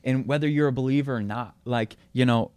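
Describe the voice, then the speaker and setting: Earnest young man, smooth dry voice. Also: mid-range voice, a little fast, dry recording. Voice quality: relaxed, filler-heavy, earnest. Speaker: guest. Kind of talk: casual faith chat with storytelling.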